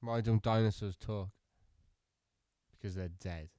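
A man co-hosting a podcast, reading out corny jokes deadpan and laughing at his own punchlines. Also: lowish voice, unhurried, dry recording. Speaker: podcast co-host.

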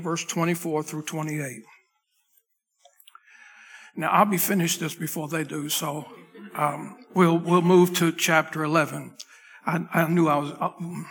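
In a church sanctuary full of long reverb, a pastor preaches into a pulpit mic with a slightly high, husky, somewhat bright voice. His sermon is loose and conversational, with frequent restarts and side comments to the tech crew in the back.

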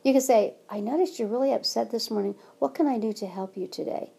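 A woman's voice: a little high, fast, creaky, dark tone, husky. A woman giving child care advice in an interview, earnest and emphatic, acting out little examples as she goes. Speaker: guest, child care trainer.

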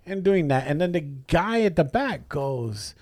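A man's voice: on the high side, measured pace, no room sound. A man telling stories in casual podcast chat, acting out both sides of each exchange and swearing freely. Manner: animated, acts out both sides of stories with jumpy voices. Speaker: podcast co-host.

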